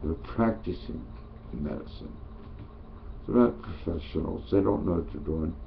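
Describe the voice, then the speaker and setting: A man delivering a profane, preachy political rant, dropping to a mutter and then rising to a shout. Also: deep voice, measured pace, creaky. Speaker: online ranter. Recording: dull lo-fi sound with faint noise.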